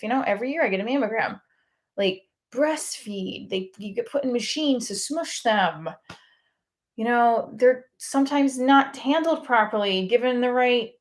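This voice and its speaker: A woman comedian in a candid, rambling confessional monologue who swears freely. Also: mid-range voice.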